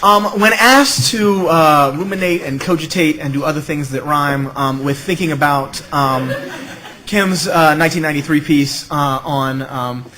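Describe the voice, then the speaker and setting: A man's voice: on the high side, a little slow, crowd noise, poor audio. A middle-aged man speaking on an academic panel, witty and emphatic, often checking in with "okay?" and "right?". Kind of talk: academic conference talk.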